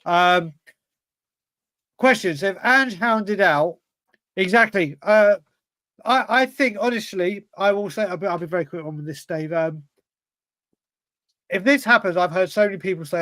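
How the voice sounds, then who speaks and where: A man's voice: sits high, normal speed, pauses often, a bit bright, no room sound. A man co-hosting a football fan show, reading out viewer questions and chatting in an earnest, easygoing way. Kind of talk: casual football chat.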